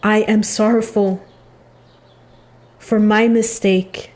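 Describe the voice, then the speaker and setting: A woman's voice: mid-range voice, flat delivery, darkish tone, natural voice. A woman channeling a remorseful, solemn penitent. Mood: pleading. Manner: slow, solemn, halting. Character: remorseful family member pleading for forgiveness. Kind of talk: channeled spiritual reading.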